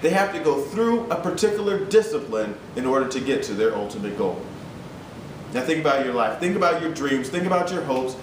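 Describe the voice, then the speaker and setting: A man gives a motivational talk as a fitness coach, telling a family story and turning it into a lesson with repeated, rising appeals. His voice sits at an ordinary pitch and is heard from a distance in an echoey room, with a steady hum behind him. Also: a little fast. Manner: storytelling, repeats himself, builds to urgent appeals.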